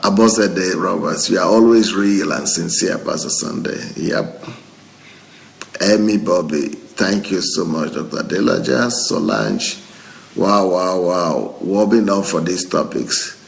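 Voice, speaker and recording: A low, gravelly male voice, a pastor chatting loosely as he works through viewer comments. He laughs easily and often between the names he reads. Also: expressive, measured pace, poor audio. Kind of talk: reading out viewer comments and responding.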